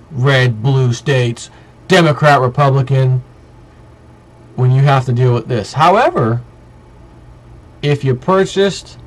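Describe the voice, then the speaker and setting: A man's voice: medium pitch, rough recording. A man vlogging in a heated monologue, ranting emphatically and piling up repetitive lists.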